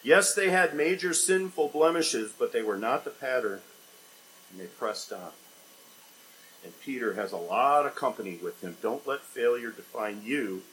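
A man's voice: animated, unhurried, slight background noise, rough recording. Man preaching a dynamic sermon. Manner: dynamic preaching with sharp swings in loudness and pitch, rhetorical questions. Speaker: pastor.

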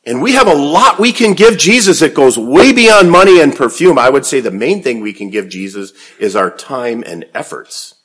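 A man preaching a sermon, swinging from quiet low passages to emphatic raised peaks. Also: very animated, normal speed, few pauses, husky. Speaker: pastor.

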